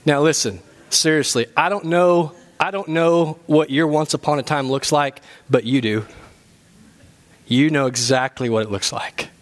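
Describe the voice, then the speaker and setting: A man with a notably high voice preaches a sermon to his church. His delivery is animated and humorous, and he climbs to emphatic points. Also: a little slow. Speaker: pastor.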